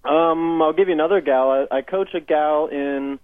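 On a dry, tinny phone line, a man with a Southern Californian accent speaks through a phone headset at normal speed, his voice a little high and without echo. He's a life coach appearing as a guest on a radio interview by phone, telling upbeat client stories and quoting his clients in dialogue.

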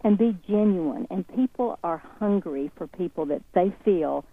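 A woman's voice: fairly low pitch, lively intonation, measured pace, slight background noise. A woman with a Southern accent, a guest speaking in an interview in a folksy, earnest, encouraging way. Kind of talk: motivational interview talk. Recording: tinny phone line.

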